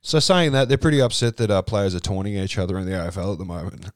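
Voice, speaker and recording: A man's voice: low voice, animated, fast talker, no room sound, clean studio sound. A man with an Australian accent co-hosting a casual sports podcast, blunt and sweary. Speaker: podcast co-host.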